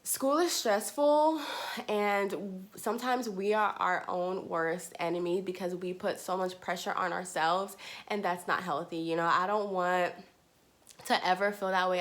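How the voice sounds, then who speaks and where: A woman's voice: fairly low pitch, fairly bright tone. A young woman, a nursing student, talking casually to her viewers, full of "like" and "you know". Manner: chatty, heavy use of "like" and "you know". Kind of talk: casual storytelling to camera.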